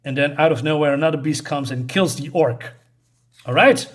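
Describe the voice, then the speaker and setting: Man, somewhat high voice, halting comic review, lots of fillers and restarts. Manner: hesitant, many restarts and fillers, reads quoted lines aloud. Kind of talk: casual read-through of a comic.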